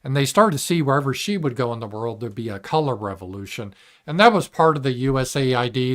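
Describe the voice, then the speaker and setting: A man hosting his own livestream show, giving a blunt, profane commentary monologue and reading viewer messages aloud. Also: medium pitch. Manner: blunt and profane, mimics opponents in mocking voices; reads viewer super chats aloud. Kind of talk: casual political commentary monologue.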